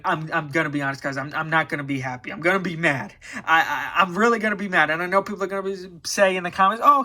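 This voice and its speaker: A man vlogging casually to his viewers, excitable and rambling, often stumbling and repeating himself. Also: on the high side. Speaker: wrestling vlogger. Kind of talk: casual predictions vlog.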